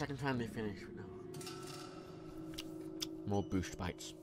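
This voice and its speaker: Male livestreamer, lively swooping voice, rambling and sweary, light music underneath. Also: on the low side, a little slow, pauses often. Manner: rambling, frank and sweary, reading chat aloud. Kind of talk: live gameplay commentary.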